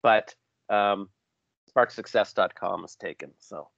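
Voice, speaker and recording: A man's voice: fairly low pitch, slow, creaky, a bit bright, dry recording. A man hosting a podcast interview, chatty and self-deprecating, rambling with restarts over a remote call. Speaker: podcast host. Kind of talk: casual interview chat. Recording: dull lo-fi call audio.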